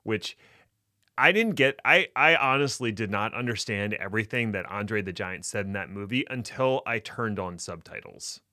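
A man co-hosting a podcast in casual banter, playful and jokey with deadpan bits. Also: lowish voice, normal speed, no room sound, studio quality. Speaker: podcast co-host.

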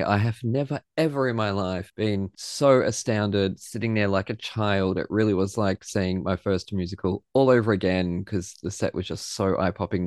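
A man's voice: fairly low pitch, no room sound, clean studio sound. A man, hosting a podcast and talking in a gushing, emotional way. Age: 30s. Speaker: podcast host. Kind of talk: casual chat.

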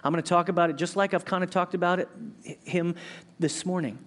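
A high-pitched male pastor delivering a sermon. He talks earnestly and conversationally, often restarting his sentences, and his voice climbs and presses when he drives a point home, then drops low and slow for quiet reflection. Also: fairly even intonation.

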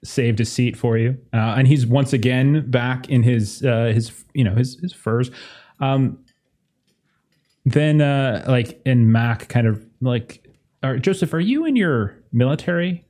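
A man narrating a tabletop horror game as game master, halting with many fillers and restarts. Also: medium pitch, fairly even intonation, warm tone.

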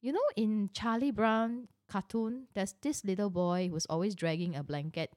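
A woman's voice: medium pitch, normal speed, darkish tone, dry recording, studio quality. Chatty middle-aged woman telling a story. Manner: chatty, with rhetorical questions and "you know". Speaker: personal storyteller. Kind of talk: casual storytelling with a lesson.

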